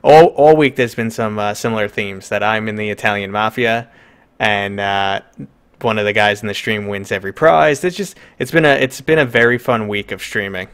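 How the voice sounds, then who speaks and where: A man's voice: lowish voice, normal speed, fairly bright tone, clear, resonant tone. A man with a New York accent hosting a live stream, chatting loosely and joking with lots of fillers. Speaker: streamer host. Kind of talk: casual live-stream chat.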